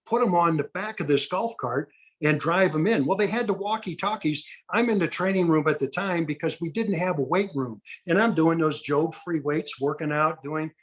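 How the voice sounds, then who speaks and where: A man in his sixties, a retired ball player, telling anecdotes and acting out the people he quotes. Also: a little high. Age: 60s. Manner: lively storyteller who acts out the people he quotes. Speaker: guest, retired baseball pitcher. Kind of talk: anecdotal storytelling.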